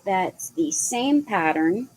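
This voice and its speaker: A woman's voice: medium pitch, lively intonation, slow, darkish tone, slight background noise, low-quality recording. A woman co-hosting a live online sale, describing items plainly and giving their prices.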